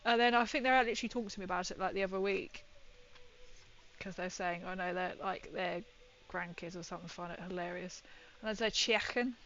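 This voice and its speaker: A woman's voice: on the low side, steady tone, brisk, a bit bright, lo-fi sound, slight background noise. A woman painting miniatures and chatting with viewers in a rambling, giggly way. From Britain. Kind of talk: casual chat while painting.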